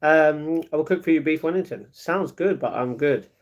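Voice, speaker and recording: A young man with a London accent, chatting quickly and rambling as he reads and answers his live chat. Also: a little high. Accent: London English. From England. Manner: fast, chatty, rambling with fillers. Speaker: live streamer.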